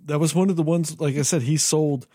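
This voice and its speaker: A man's voice: fairly high pitch, steady tone, fairly quick, dark tone, slightly rough, dry recording, studio quality. A man co-hosting a film review podcast, speaking bluntly and swearing casually. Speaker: podcast co-host.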